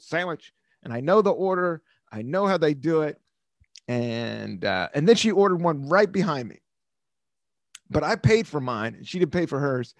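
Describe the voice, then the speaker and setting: Pitched on the high side with noticeable vocal fry, this American man in his fifties hosts a podcast. He wanders from story to story in an offhand monologue, cursing and laughing often. There's no echo, and the sound is studio grade.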